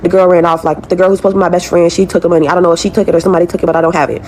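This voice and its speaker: A woman's voice: lowish voice, flat delivery, rapid-fire, a little mellow, slight background noise. A young woman venting a profane, exasperated rant to her followers, repeating herself as she talks about her struggles. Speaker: woman in a viral video clip.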